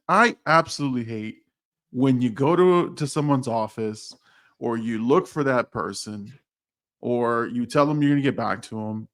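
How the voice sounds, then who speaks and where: A man co-hosting a casual podcast, telling animated stories full of quoted dialogue, with frequent restarts. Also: mid-range voice. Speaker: podcast co-host, HR professional. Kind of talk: casual chat.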